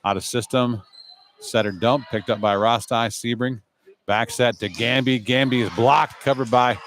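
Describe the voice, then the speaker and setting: A man's voice: mid-range voice, fairly even intonation, a bit bright, slight background noise. Man calling a volleyball match live. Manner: brisk, conversational, chatty asides. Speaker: play-by-play announcer. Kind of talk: live sports commentary.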